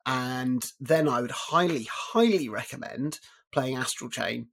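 A man co-hosting a casual game podcast who talks in a relaxed, rambling way, often restarting his sentences. His voice is slightly husky. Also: medium pitch, a little slow. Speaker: podcast co-host. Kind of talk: casual chat about video games.

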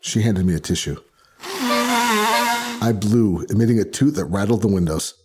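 A podcast narrator reads a short story aloud in the first person, giving the characters their own voices with lots of expression. His voice is low and quick, and the recording is very noisy.

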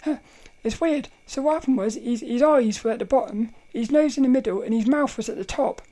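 A woman hosting a casual solo podcast, telling a story in a rambling, animated way, often laughing and restarting her sentences. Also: fairly high pitch, brisk. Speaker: podcast host.

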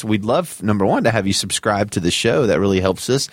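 A man with a lowish voice co-hosts a casual podcast and ribs his friends with dry, deadpan jokes. His voice is recorded close and dry on a studio mic. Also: fairly quick, few pauses, dry recording. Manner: dry teasing quips. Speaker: podcast co-host.

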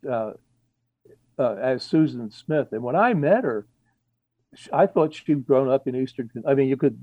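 A man's voice: mid-range voice, lively intonation, moderate pace, no echo. Hesitant man with a dull, dry sound. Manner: rambling, hesitant, many restarts and fillers. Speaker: author guest. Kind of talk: casual interview.

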